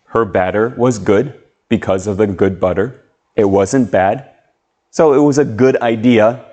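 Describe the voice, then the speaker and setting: A man teaching an English lesson on video, speaking slowly and carefully as he models sounds and words. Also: on the low side, dark tone, lo-fi sound. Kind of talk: slow, clear classroom video lesson.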